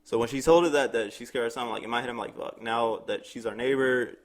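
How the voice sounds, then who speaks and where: This young podcast co-host talks fast at medium pitch while telling a long, casual story. He's animated, performs the characters' lines himself, and swears freely.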